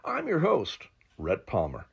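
A male radio host with a gravelly, husky voice, slowly announcing the show's sign-off. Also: mid-range voice, huge pitch swings. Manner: slow, measured announcing. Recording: dull lo-fi sound.

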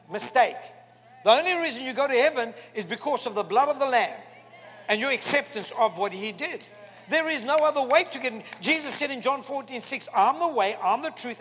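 Husky high-voiced preacher in a reverberant hall. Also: male voice. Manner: emphatic, animated preaching with quoted asides. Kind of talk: sermon. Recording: long hall reverb with faint music.

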